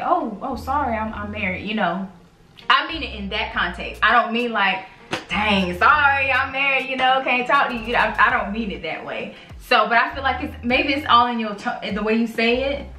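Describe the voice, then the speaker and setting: Chatty bright-voiced woman in an echoey room. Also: a little high. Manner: chatty, rambling with many restarts. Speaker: channel host. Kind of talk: casual couple chat. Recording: echoey room, mic at a distance, faint music.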